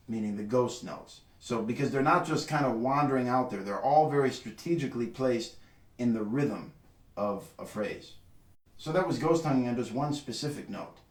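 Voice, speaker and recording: A man's voice: medium pitch, a little mellow, reverberant, recorded from a distance. A man giving a trumpet lesson, explaining rhythm and singing syllables to show it. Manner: sings syllables to demonstrate rhythm. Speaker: trumpet teacher. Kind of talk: instructional video lesson.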